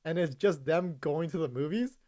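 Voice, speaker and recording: A man's voice: on the high side, moderate pace, dark tone. A young man co-hosting a podcast in casual chat, rambling with lots of fillers and restarts. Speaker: podcast co-host.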